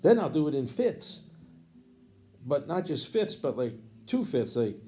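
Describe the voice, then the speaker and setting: A man putting on the high, excited voice of an elderly jazz saxophonist who breaks into scat syllables and falsetto. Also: measured pace, faint music behind. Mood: explaining.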